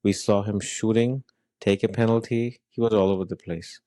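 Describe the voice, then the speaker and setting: A man co-hosting a football podcast, talking in an animated, rambling way with many fillers and restarts. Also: lowish voice, moderate pace, no room sound. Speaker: podcast co-host. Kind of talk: casual football chat.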